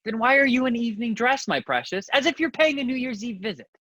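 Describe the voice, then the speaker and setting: A woman's voice: a little high, lively intonation, fast talker, a bit bright, dry recording. A woman acting a fussy, fawning older male landowner, gushing with theatrical endearments. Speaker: student actor. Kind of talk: stage acting.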